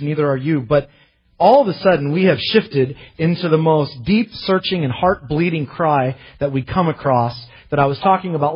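A pastor preaching a sermon in an earnest way, rising to impassioned readings of scripture. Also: male voice, fairly high pitch, slightly rough, lo-fi sound.

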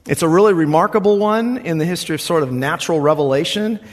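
A man's voice: on the high side, fast, big-room sound. A man preaching a sermon as pastor, earnest and conversational, acting out quoted voices as he goes.

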